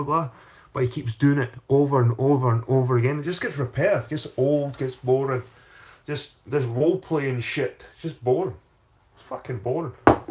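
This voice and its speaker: A man's voice: mid-range voice, breathy edge. A man hosting a casual livestream, talking in a profane, rambling way and repeating his phrases. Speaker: channel host.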